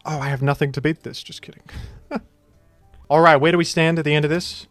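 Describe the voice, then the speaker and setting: A man's voice: a little high, fairly even intonation, fairly quick, a bit bright, soft background music. Trash-talking young man commentating a game. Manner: mock-boastful trash talk, rambling asides. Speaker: competitive game player. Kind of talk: casual live gameplay commentary.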